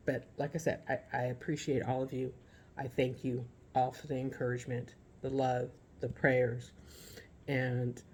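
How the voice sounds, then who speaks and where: A woman giving a casual, heartfelt vlog update from home about caring for her father, talking haltingly with many restarts, teary at times. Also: a bass voice, a little mellow, a little hiss or hum.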